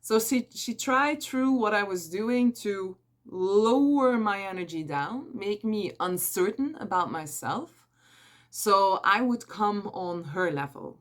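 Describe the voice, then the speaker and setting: A woman with a Flemish accent, Dutch her first language, telling a personal story in a casual, candid and animated way as an energy advisor. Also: mid-range voice, slow. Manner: candid and animated, acting out quotes, laughing often.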